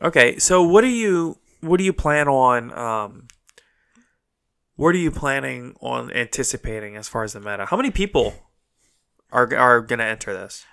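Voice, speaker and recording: Man, podcast co-host, casual chat, stuffed-up, bright, smooth. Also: mid-range voice, animated. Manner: chatty, quick back-and-forth. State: stuffed up from allergies.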